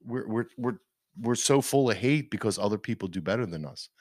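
Man, podcast co-host, emphatic rant, swooping lively pitch, dry close sound. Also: fairly quick, dry recording. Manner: ranting, emphatic, with repeated restarts. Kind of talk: casual opinion chat.

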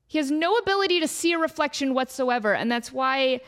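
A woman's voice: high voice, brisk. A woman hosting a comedy podcast, rambling through a silly made-up story, laughing often and acting out bits. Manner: animated, laughs often, acts out silly voices.

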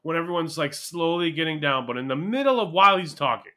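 Male podcast co-host with a very bright, sharp tone; relaxed delivery, explains with everyday examples. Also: fairly high pitch, quick pace. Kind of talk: casual wrestling podcast chat.

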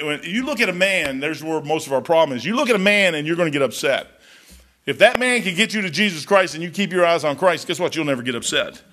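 A man preaching a folksy, storytelling sermon as pastor, peppering his talk with "man". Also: a little high. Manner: folksy, storytelling, animated, says "man" often.

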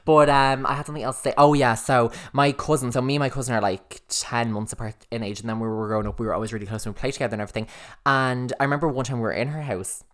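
A young Irish man co-hosts a casual podcast chat in a mid-pitched voice, swearing freely as he tells his stories. His delivery is fast and loose. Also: fairly even intonation, fairly bright tone. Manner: chatty storyteller, swears freely. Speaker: podcast co-host.

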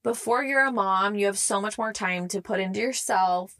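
A woman's voice: medium pitch, moderate pace, a bit bright, no echo. Brief: young woman, frank chatty mom co-host, filler-heavy, dry close mic. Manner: frank, conversational, uses many fillers like "like". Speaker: podcast co-host. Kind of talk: casual chat.

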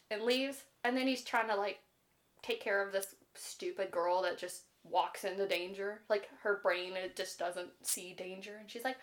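A woman co-hosting a podcast, casually retelling book plots in an animated, chatty way, full of "like" and casual swearing. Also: mid-range voice, normal speed. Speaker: podcast co-host. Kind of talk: casual chat about books.

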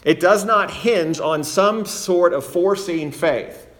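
Male preacher, earnest teaching delivery, a touch higher-pitched than most men. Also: slow, a bit bright. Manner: earnest teaching, repeats phrases for emphasis. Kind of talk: sermon.

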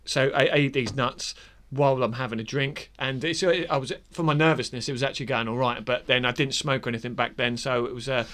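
A man in his thirties with a Norfolk accent, telling a rambling story among friends, full of halting restarts and swearing. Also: medium pitch, steady tone, a bit bright. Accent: Norfolk English. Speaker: podcast co-host telling a story. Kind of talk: casual banter.

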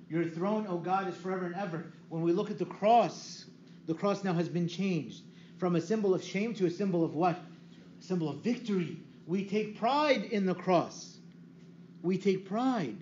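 A priest delivers a teaching sermon in a high, bright voice. He keeps the talk lively and puts questions to the listeners before answering them himself. The recording is dull and roomy, with a faint hiss behind it. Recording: echoey room, dull lo-fi sound, faint hiss.

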